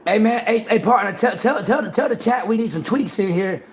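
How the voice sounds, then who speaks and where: A man hosting a livestream in casual chat, excitable and profane, repeating himself and talking over others. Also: high-pitched, brisk, creaky. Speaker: livestream host.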